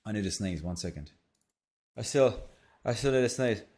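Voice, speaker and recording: A man's voice: on the low side, lively intonation, normal speed, background noise. Rambling Australian man reviewing websites. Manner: rambling, thinking aloud with fillers and restarts. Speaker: SEO consultant reviewing websites. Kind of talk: casual screen-share commentary.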